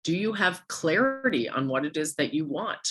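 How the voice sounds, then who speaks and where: A woman with a hoarse, worn-out voice giving a motivational coaching talk to a sales team, firing off rhetorical questions at her listeners. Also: low-pitched, sing-song, moderate pace, fairly bright tone.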